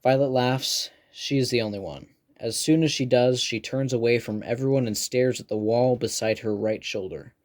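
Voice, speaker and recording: A man reading a first-person novel aloud with steady storytelling delivery. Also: medium pitch, moderate pace, few pauses. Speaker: audiobook narrator. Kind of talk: scripted first-person narration.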